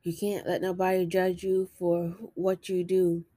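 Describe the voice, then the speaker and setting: A woman records a personal confessional vlog and speaks earnestly, encouraging herself, with a halting delivery. Her voice sits low and stays flat in pitch. The sound is dry and close. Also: dry recording. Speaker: vlogger.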